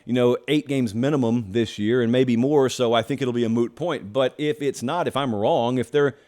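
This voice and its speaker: A man's voice: medium pitch, normal speed, darkish tone. A man hosting a college football show, giving emphatic solo commentary in a conversational way, full of rhetorical questions.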